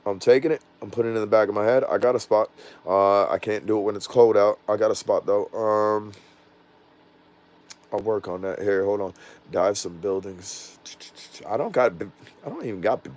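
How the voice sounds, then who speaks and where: Southern guy rambling on a drone stream, lowish voice, laughs a lot, middle-aged. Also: normal speed, darkish tone, slight background noise. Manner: loose, rambling, laughs often. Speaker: drone channel host. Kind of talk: casual livestream chat.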